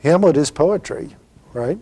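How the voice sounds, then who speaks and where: A man's voice: a little high, lively intonation, unhurried, creaky, dark tone, husky. A middle-aged man giving a literature lecture, explaining patiently and asking rhetorical questions. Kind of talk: university-style lecture.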